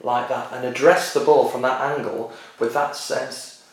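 A man's voice: mid-range voice, fairly even intonation, measured pace. Man, echoey distant sound. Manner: dry, jokey banter. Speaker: podcast co-host. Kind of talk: casual chat. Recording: echoey room, distant mic.

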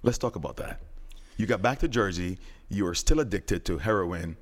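Deep-voiced male podcast host. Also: normal speed. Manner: steady, plain, announcing segments. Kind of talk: podcast hosting.

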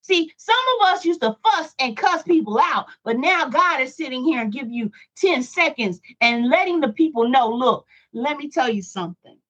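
A woman's voice: sits high, expressive, normal speed, hardly any pauses, fairly bright tone, breathy edge. A middle-aged woman preaching a Bible study, emphatic and repetitive, full of rhetorical questions. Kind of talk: preaching to listeners. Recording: dull lo-fi recording.

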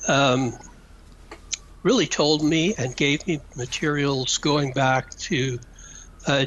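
A man's voice: medium pitch, a bit bright. Rambling man. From Georgia, US South. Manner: rambling, hesitant, with frequent pauses and dry asides. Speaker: interview guest, researcher. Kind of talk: conversational storytelling. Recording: dull, slightly muffled sound with faint noise.

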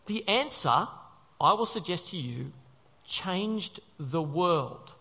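A male preacher gives an animated sermon in a conversational way, pausing often to question the congregation. His fairly high voice swings widely in pitch. A long hall reverb trails behind his words.

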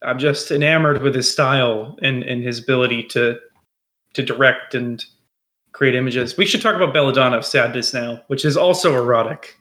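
A man with a mid-range, slightly bright voice speaks at a moderate pace while co-hosting a podcast. He's tipsy, chatting casually, rambling and swearing, and often restarting what he says.

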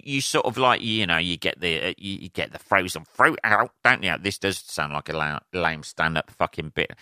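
A man's voice: sits low, normal speed, bright, forceful tone, smooth, no room sound, studio quality. A man hosting a casual solo podcast, rambling and swearing freely, full of fillers. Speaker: podcast host.

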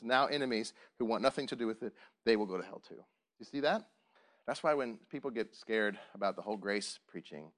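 A pastor delivering a sermon to his congregation, animated and full of rhetorical questions. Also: medium pitch.

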